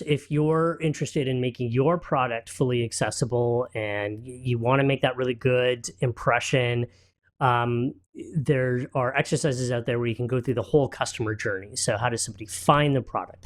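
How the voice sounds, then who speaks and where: A man appearing as an entrepreneur guest on a talk show, relaxed and storytelling, with frequent fillers. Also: medium pitch. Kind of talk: casual studio interview.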